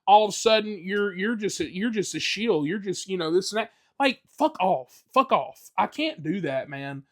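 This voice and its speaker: Male solo podcaster, blunt and profane, slightly raised pitch, loose chatty delivery. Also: a little fast. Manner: blunt, profane, animated ranting with many fillers. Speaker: podcast host. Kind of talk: casual solo podcast rant.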